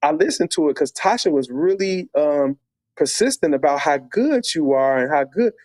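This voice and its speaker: A man voicing his former boss at a record label, calm and matter-of-fact. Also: fairly high pitch, moderate pace, dry recording, clean studio sound, natural voice.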